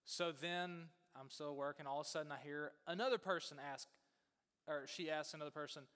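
A man preaching, telling a story in a casual, animated way with many fillers. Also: a little high, fairly quick, clean tone, big-room sound. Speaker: pastor.

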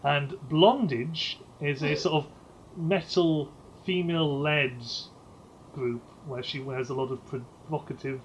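A man's voice: fairly high pitch, fairly even intonation, slow, muffled recording, a little hiss or hum. A man hosting a casual podcast game, playful and sweary, who laughs often. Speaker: podcast host running a name game. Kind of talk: casual chat.

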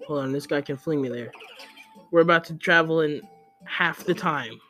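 Excitable young man narrating gameplay. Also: fairly high pitch, moderate pace, soft background music. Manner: excitable, scolds the game character in sudden yelps. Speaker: let's play gamer. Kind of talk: casual gameplay commentary.

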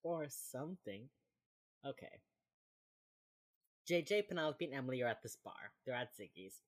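Low-voiced woman recapping TV casually. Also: normal speed. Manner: animated, acts out quotes. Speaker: podcast co-host.

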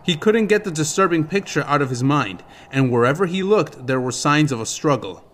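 A man reading a fantasy novel aloud as an audiobook narrator, in a steady, measured storytelling manner. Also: a little high, slight background noise. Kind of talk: scripted narration.

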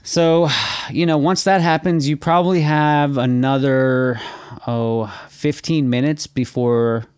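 A man's voice: medium pitch, fairly even intonation, takes it slowly, a little mellow, smooth, no echo, studio quality. A man co-hosting a podcast in casual chat, rambling, laughing often and swearing freely. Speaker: podcast co-host.

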